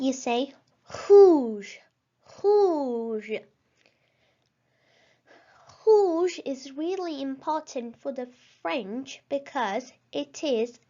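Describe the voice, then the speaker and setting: A woman teaching a language lesson, pronouncing words carefully and encouraging the listener to repeat after her. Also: high-pitched. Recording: slightly dull lo-fi recording.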